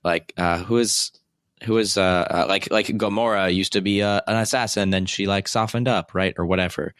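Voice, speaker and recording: A young man with a low, deep voice chats hesitantly about a movie, stopping often to search for words. His voice is recorded dry, with no room sound. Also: steady tone, a bit bright, clear, resonant tone, no echo. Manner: hesitant, halting, frequent fillers. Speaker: podcast co-host. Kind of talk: casual movie review chat.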